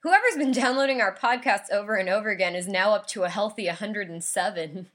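A woman co-hosts a podcast in easy, casual chat. She tells animated stories and laughs often. Her voice sits at a middling pitch. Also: brisk. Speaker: podcast co-host.

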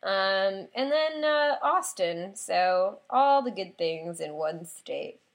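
A woman's voice: medium pitch, slow pace. A woman co-hosting a podcast, chatting casually and telling stories with plenty of laughter. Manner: animated storyteller, laughs often. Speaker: podcast co-host. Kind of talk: casual chat.

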